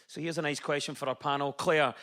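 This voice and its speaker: A man hosting a comedy panel show, reading out scripted jokes with a brisk, wry delivery. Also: fairly high pitch, steady tone, bright, forceful tone. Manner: brisk and wry, with punchlines read dry. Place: TV studio with an audience.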